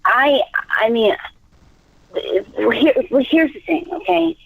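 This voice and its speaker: A woman's voice: sits high, lively intonation, measured pace, gravelly, husky, dry recording. A woman on a phone call, starting hesitantly and then explaining her point insistently. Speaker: caller on a recorded phone call. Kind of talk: casual phone conversation. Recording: tinny phone line.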